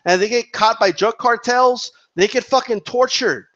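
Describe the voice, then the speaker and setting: A fired-up boxing commentary channel host gives an opinionated monologue in a fairly high, slightly bright voice at normal speed, circling back to his points and peppering them with "right?" and "okay?". The audio is dull and lo-fi, like a cheap home mic.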